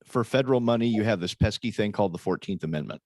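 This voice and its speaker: A man speaking as a panelist in a casual chat, measured, with dry sarcastic humor. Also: on the low side, a little mellow, dry recording.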